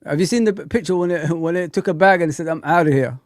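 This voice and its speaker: A man hosting a casual livestream chat, talking in an animated, rambling, slangy way. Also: high voice, fast, no echo, clean studio sound. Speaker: host.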